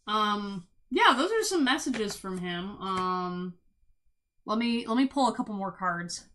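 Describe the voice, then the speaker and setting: A young woman streaming a casual tarot reading, bubbly and giggly, with sudden loud exclamations and lots of "like". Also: medium pitch, lively intonation, a little slow.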